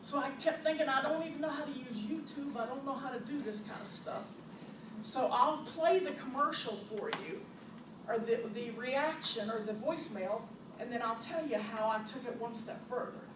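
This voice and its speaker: A woman who owns a store, telling animated customer stories to an audience with frequent laughter. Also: sits high, moderate pace. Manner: animated, laughs often, acts out customers' quotes. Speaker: store owner presenting to a business audience. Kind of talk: storytelling presentation. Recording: distant, echoey, noisy room recording.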